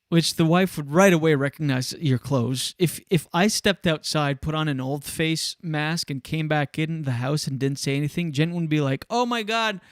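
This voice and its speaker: A male show host talks casually on his own, his voice on the high side and recorded with studio quality and no room sound. He tells a story with energy, acting out the people in it and performing their quotes.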